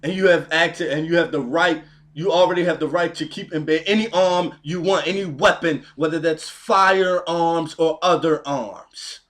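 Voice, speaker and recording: A man's voice: on the high side, moderate pace, a bit bright. A man vlogging to his viewers in a heated, preachy rant, hammering his points by repeating them. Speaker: YouTube vlogger. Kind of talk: emphatic home video rant.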